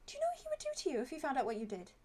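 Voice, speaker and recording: A woman's voice: high voice, wildly swooping pitch, rapid-fire, a little mellow, voice pushed up, heavily acted. A woman voicing a stern, hoofed female school nurse in a tabletop game, with a clipped, scolding manner.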